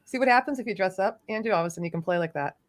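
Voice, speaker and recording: A woman hosting a casual live-stream chat, talkative, playful and quick to tease herself. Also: mid-range voice. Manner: chatty, playful and self-teasing. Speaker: host.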